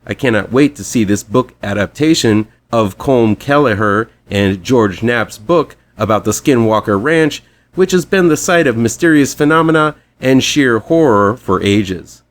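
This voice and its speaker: A man's voice: medium pitch, lively intonation, measured pace. A man hosting a weekly horror comics show, reading a scripted rundown with chatty, fan-like enthusiasm.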